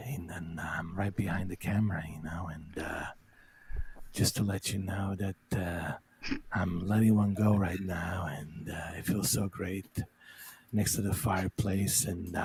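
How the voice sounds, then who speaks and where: A man doing a boastful martial arts action star with a low, gravelly, near-whispered mumble. He drags every phrase out with long hesitations and sounds like he is speaking into a video call mic. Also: a little hiss or hum. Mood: dreamy boasting. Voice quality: low hushed murmur, drawn-out uh's.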